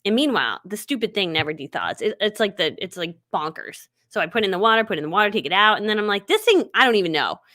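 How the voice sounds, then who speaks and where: A woman's voice: medium pitch, very animated, fast, hardly any pauses, a bit bright. A middle-aged woman hosting a live stream, telling stories in a chatty way, laughing often and acting out what people said. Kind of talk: casual chatty storytelling.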